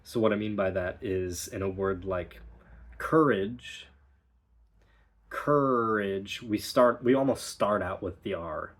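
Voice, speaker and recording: A young man working as a dialect coach teaches pronunciation in a recorded lesson, explaining patiently and encouragingly. His voice is lowish and slow.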